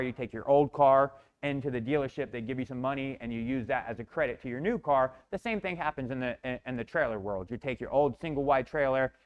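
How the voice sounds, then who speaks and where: A man's voice: mid-range voice, muffled recording. A man in a motivational talk telling a personal story intensely, often repeating words and restarting, with some swearing. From Florida, USA. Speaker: motivational speaker.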